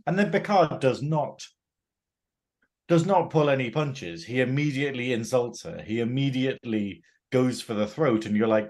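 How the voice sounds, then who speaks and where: An enthusiastic man from northern England talks through a TV episode in a relaxed review chat. He laughs often and acts out the characters' lines as he goes. His voice sits at an everyday middle pitch. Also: normal speed. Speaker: podcast co-host.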